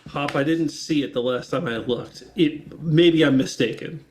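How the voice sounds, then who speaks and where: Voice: medium pitch, normal speed. A team member joking wryly during a casual panel Q&A. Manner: wry and animated.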